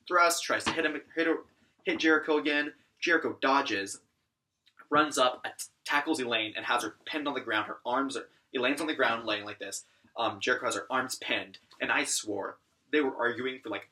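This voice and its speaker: A man's voice: medium pitch, brisk, far from the mic. Rambling young man recapping an episode. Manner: rambling, animated, many fillers. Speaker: anime reviewer.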